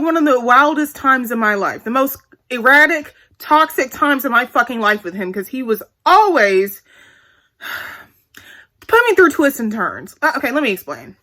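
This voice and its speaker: A woman's voice: fairly high pitch, very animated, moderate pace, pushed and bright. A woman in her twenties telling a candid, profane story to her viewers in a blunt, chatty vlog. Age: 20s. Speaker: vlogger.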